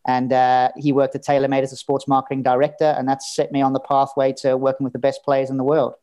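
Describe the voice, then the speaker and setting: A man chatting as a podcast guest, candid and easygoing. He tells stories at an everyday middle pitch and drops the odd swear word. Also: level tone, fast talker, few pauses, dark tone. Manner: candid, storytelling, swears casually. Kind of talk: casual interview chat.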